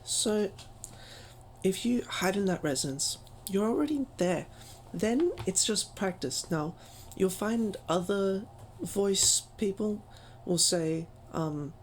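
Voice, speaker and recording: A woman's voice: lowish voice, darkish tone, slight background noise, rough recording. A woman giving a casual voice-training tutorial, chatty and self-deprecating, with frequent ums.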